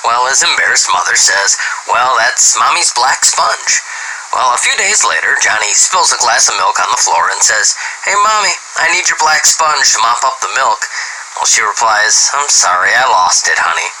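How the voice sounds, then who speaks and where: A man reading dirty jokes aloud as an animated storyteller who starts many lines with "well". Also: mid-range voice, moderate pace, slight background noise, rough recording.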